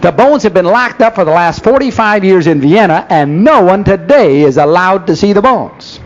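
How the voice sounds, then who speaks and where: A man's voice: high-pitched, expressive, moderate pace, dull audio. A man giving a folksy, sarcastic church lecture, full of rhetorical questions, on an old 1970s tape. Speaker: speaker.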